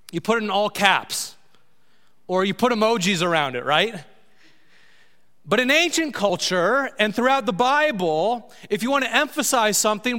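A pastor with a high, bright voice delivers a sermon to his church. He leans on key words and draws them out slowly. The sound carries the long reverb of a large hall. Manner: emphatic preaching, slowing down to stress key words. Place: church sanctuary.

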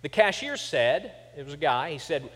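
This middle-aged Kansas pastor speaks at a moderate pace with a fairly high, slightly rough, fairly bright voice that swings widely in pitch. His sermon moves from humorous, conversational stories to emphatic points, and the church sanctuary gives it a big-room sound.

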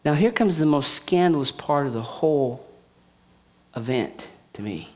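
A man preaching a sermon, firing rhetorical questions at his congregation and swinging from quiet teaching to loud indignation. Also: a little high, expressive, measured pace.

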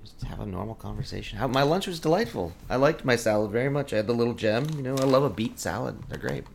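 A man's voice: mid-range voice, lively intonation, quick pace, creaky, slight background noise. A man chatting on a podcast in a laid-back, rambling way, laughing easily and saying "like" a lot. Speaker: podcast co-host and guest. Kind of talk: casual chat.

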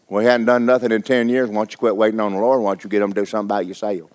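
A man's voice: fairly low pitch, flat delivery, racing, few pauses, darkish tone. A male pastor, preaching a sermon in a folksy, humorous way.

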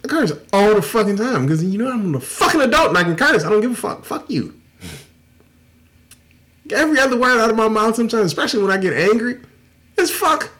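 A man's voice: sits high, big pitch swings, brisk, fairly bright tone. A man hosting a podcast in casual chat, blunt and profane, laughing easily as he talks. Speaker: podcast host.

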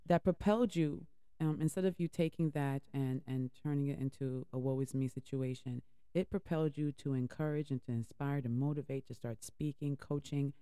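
A woman hosting a talk show interview, chatty and animated, her voice going hoarse. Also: low voice, no echo, studio quality. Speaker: host.

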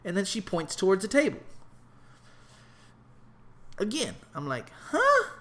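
A young adult man telling a comedic travel story in a casual, animated, profane and rambling way. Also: high-pitched, measured pace.

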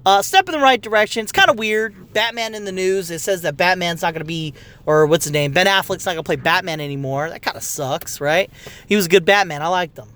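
A man's voice: sits high, fairly quick, fairly bright tone, clear, resonant tone. A man in his thirties giving a casual, profane, rambling movie review as a rant.

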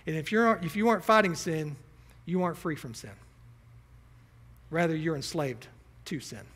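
A man's voice: fairly high pitch, animated, moderate pace, a bit bright, breathy edge. A male pastor preaching a sermon, building emphasis and asking the congregation rhetorical questions.

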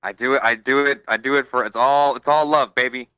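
A man's voice: medium pitch, steady tone, a little fast, pushed and bright, clear, resonant tone, no echo, muffled recording. A man calling in as a guest for a casual chat, playful, with drawling cowboy-style greetings.

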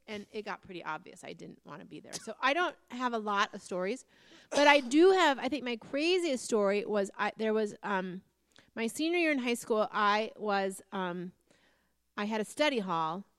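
A woman's voice: medium pitch, a bit bright, smooth, no room sound. Dry, understated woman co-host. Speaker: podcast co-host. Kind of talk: casual chat.

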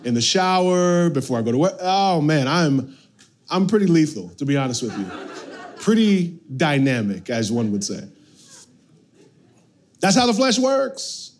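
A man preaching a sermon as pastor, animated, swinging from loud bursts to hushed lines. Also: on the high side, a little slow, long pauses.

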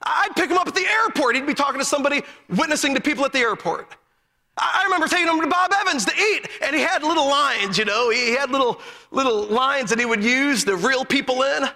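High gravelly preacher guy, fired up, shouting bits, big echoey hall. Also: expressive, quick pace. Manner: fervent storytelling, breaks into emphatic shouts. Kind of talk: sermon.

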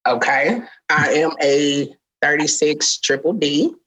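A woman's voice: sits low, takes it slowly, a bit bright. A young woman hosting a podcast in casual chat, playful and teasing, laughing often. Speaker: podcast host.

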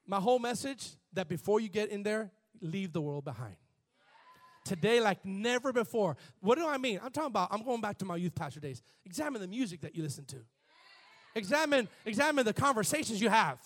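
A pastor preaching a lively sermon to his congregation, leading chants and call-and-response and rising to shouts. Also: high-pitched. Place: church before a live congregation.

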